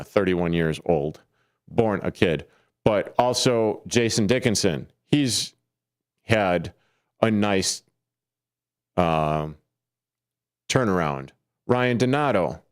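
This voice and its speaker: A male sports radio host talks slowly in a smooth, resonant voice from a studio mic. He rambles through his monologue, restarts himself and drops wry asides as he goes. His voice sits fairly low. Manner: rambling, self-correcting, jokey rants. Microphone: studio microphone.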